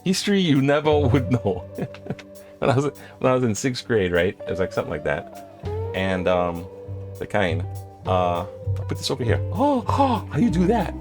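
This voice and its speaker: A man's voice: very animated, moderate pace, over music. A man from Hawaii chatting casually on his own, reacting to the news with laughs and asides. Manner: rambling, laughs often, jumps in pitch for exclamations. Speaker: host reading and reacting to news. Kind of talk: casual solo chat.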